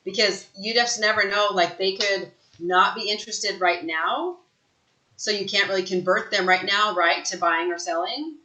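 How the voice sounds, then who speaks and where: A woman giving an energetic sales training talk, emphatic and fond of asking "right?" after her points. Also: mid-range voice, moderate pace, echoey room, poor audio. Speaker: real estate sales trainer. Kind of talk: live online training talk.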